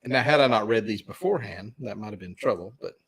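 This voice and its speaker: Animated Southern-accented male trivia host. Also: on the low side, fast, breathy edge. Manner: animated, chuckling, reads questions aloud. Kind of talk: casual live-stream chat.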